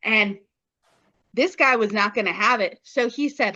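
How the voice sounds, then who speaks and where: A woman's voice: medium pitch, unhurried, bright, forceful tone, muffled recording. A woman co-hosting a podcast, casually retelling a story in playful slang and acting out the characters' lines. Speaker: podcast co-host.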